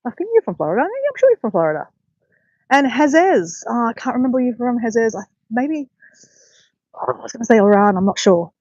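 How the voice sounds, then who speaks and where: A woman's voice: fairly high pitch, sing-song, quick pace, darkish tone, dry recording, dull audio. A woman hosting a casual live stream outdoors by a bay, chatting to viewers in an upbeat way. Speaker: livestream host. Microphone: handheld phone.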